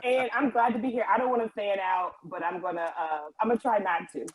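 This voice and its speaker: Excited woman guest on a podcast, laughs a lot, people chattering behind her. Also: medium pitch, quick pace, a crowd in the background, poor audio. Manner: excited, giggly. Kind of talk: casual chat.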